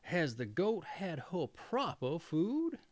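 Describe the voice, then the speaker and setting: A man's voice: on the high side, huge pitch swings, slow pace, darkish tone, no echo, full character voice. A man doing a hot-tempered old tailor. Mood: scolding. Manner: wrathful, exclaiming. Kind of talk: storybook reading.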